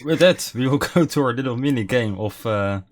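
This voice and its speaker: A man's voice: mid-range voice, animated, moderate pace. A man hosting a tabletop game podcast, leading the banter in an easygoing, hesitant way. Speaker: host running a mini game.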